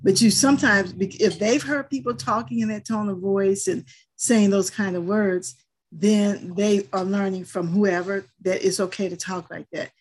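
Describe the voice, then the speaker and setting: A woman's voice: mid-range voice, steady tone, normal speed, breathy edge. An older woman and grandmother, speaking in a firm, earnest way in a group discussion and telling stories from home. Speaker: panelist. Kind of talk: casual discussion.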